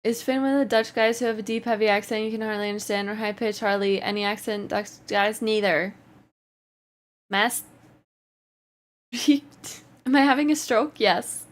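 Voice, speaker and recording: A woman's voice: medium pitch, moderate pace, pauses often. A woman livestreamer chatting casually, reading out and answering her chat while often laughing. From Canada.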